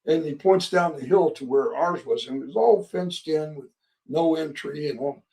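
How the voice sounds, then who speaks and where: An older man in his seventies spins a rambling story, halting often and chuckling as he goes. His voice is a touch high for a man. He sits a little away from the mic, so he sounds slightly distant. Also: mellow. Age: 70s. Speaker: guest, war veteran. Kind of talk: storytelling interview.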